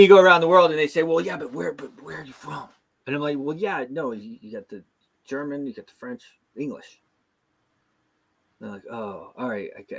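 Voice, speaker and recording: A man's voice: a little high, gravelly, a little hiss or hum. Rambling middle-aged American man hosting. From United States. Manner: rambling, with many restarts and fillers. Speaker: show host. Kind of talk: casual chat.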